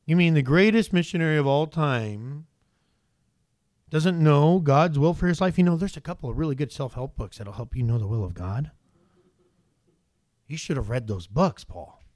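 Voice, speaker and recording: A man's voice: a little high, lively intonation, moderate pace, darkish tone, no echo. Man preaching with rhetorical questions. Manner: conversational, rhetorical questions to the congregation. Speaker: pastor. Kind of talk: sermon.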